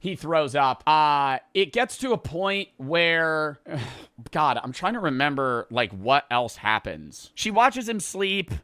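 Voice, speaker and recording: A man's voice: fairly high pitch, big pitch swings, slow, fairly bright tone, clear, resonant tone, no echo, clean studio sound. A man casually recapping a movie plot, rambling and profane, laughing as he goes. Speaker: podcast host.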